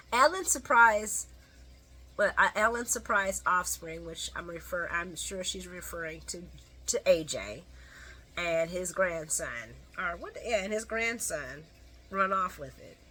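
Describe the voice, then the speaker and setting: A middle-aged woman talks through a daytime soap recap in a loose, chatty way, full of "um"s and side comments to her viewers. Her voice is bright and forward but breathy at the edges. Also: on the low side, lively intonation, takes it slowly, pauses often. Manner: chatty and opinionated, with frequent fillers and asides to viewers. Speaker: soap opera recap host. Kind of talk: casual solo recap commentary.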